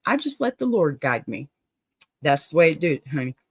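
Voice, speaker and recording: A woman's voice: sits low, very animated, moderate pace, slightly rough, no room sound. A woman hosting an advice show, reading a listener's letter aloud with playful drama and laughing asides.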